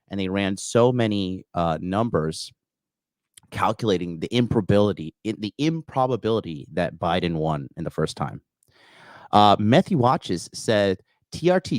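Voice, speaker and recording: Reading out viewer comments on his call-in livestream, a thirty-something male host rambles in a crude, casual way, full of "like" and "you know." His voice is lowish and a little mellow. The audio is studio quality with no echo.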